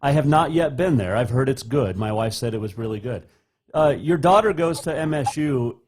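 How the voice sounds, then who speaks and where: A man's voice: mid-range voice, expressive, normal speed, background noise. A male radio host interviewing a coach with casual, chatty questions.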